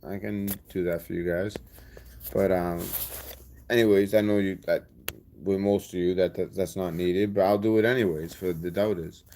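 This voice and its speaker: A man's voice: sits low, steady tone, normal speed, mellow, slight background noise. A man, talking straight to his subscribers in a rambling, blunt and defiant way. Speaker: channel host. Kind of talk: casual vlog talk to subscribers.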